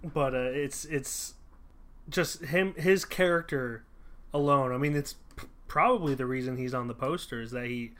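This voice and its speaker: A man's voice: medium pitch, normal speed, fairly bright tone. Chatty man reviewing a film. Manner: thoughtful, many fillers and restarts. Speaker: podcast co-host reviewing a film. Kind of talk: casual chat.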